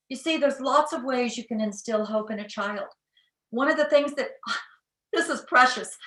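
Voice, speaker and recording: A middle-aged woman speaks with a bright voice, a little high for a woman, and gives a lively parenting talk. She slips into the voices of the parents and children she quotes. The room behind her rings with echo.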